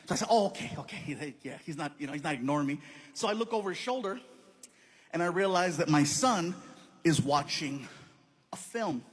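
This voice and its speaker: A man's voice: fairly high pitch, fairly quick. A man performing a stand-up comedy routine, telling stories and acting out the people in them. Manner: animated storytelling with acted-out quotes. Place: large hall on stage. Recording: live venue with long reverb and noise.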